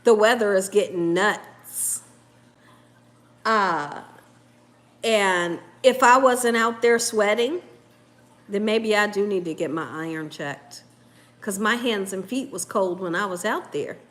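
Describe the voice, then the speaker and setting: A woman's voice: medium pitch, takes it slowly, long pauses, a bit bright. A woman hosting a live cooking stream in a casual, chatty way, laughing often and reading viewer comments aloud. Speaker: cooking show host.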